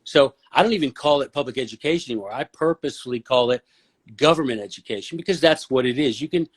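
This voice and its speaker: Man, podcast guest, blunt, opinionated, preachy delivery, mid pitch. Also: fast talker, breathy edge. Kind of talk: casual podcast conversation.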